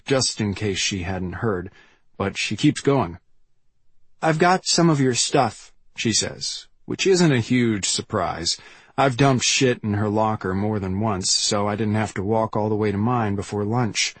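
A man narrating a first-person audiobook in a steady, plain storytelling voice. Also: on the low side, breathy edge, no echo.

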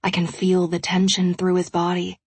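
A woman with a husky, breathy voice reads a first-person audiobook, frank and conversational in tone. The recording is dry and close. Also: on the low side, completely flat delivery, moderate pace, darkish tone, no echo. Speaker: audiobook narrator.

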